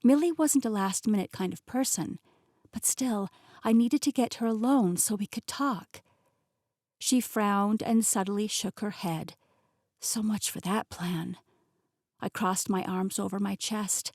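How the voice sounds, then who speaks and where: A woman narrating a novel in first person with lively, expressive delivery. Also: medium pitch, a little slow, no room sound, studio quality. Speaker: audiobook narrator.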